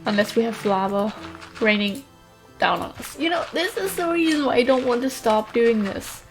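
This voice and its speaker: Chatty gravelly-voiced woman gamer. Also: a little high, animated, moderate pace, faint music behind. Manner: chatty, thinking aloud while playing, light self-mockery. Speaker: gaming channel host. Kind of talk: casual let's-play commentary. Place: her bedroom at home. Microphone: USB studio microphone.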